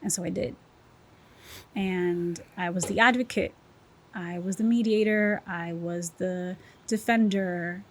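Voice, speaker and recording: Woman podcast guest, candid and emotional, personal testimony, animated storytelling. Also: lowish voice, takes it slowly.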